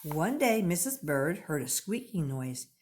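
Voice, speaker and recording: A woman reads a children's picture book aloud, slowly and clearly. Her pitch rises and falls with lively expression, keeping young listeners engaged. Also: a little hiss or hum.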